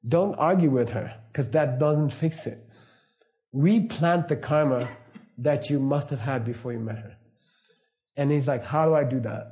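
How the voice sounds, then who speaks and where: A middle-aged man giving a casual, anecdotal teaching talk, relaxed and laughing often. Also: mid-range voice, a little slow. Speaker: Buddhist teacher.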